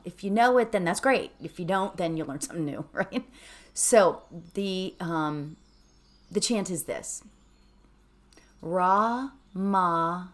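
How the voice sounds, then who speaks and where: A slightly hoarse woman leading a guided meditation in a chatty way, laughing often and ending her lines with "right?". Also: mid-range voice. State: slightly hoarse from early morning.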